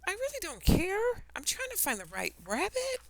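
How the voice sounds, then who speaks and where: A woman's voice: very high voice, wildly swooping pitch, normal speed, dry recording, voice pushed up, heavily acted. Alice, a woman voicing a flustered little girl. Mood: timid. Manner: hesitant, stumbling over words. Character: young girl, polite but easily flustered. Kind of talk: children's storybook reading.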